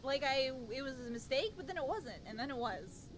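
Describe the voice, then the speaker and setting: A woman's voice: sits high, animated, fairly quick, crowd noise. A woman streaming a video game live, chatting casually, mocking herself and yelping at surprises.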